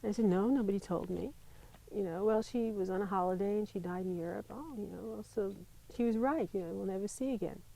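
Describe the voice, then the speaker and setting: A woman, a Buddhist nun telling her life story in an interview, lively and laughing often. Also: mid-range voice, fast talker, gravelly, poor audio. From United States. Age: 50s. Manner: animated storytelling, laughs often, mimics voices in quotes. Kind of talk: personal storytelling.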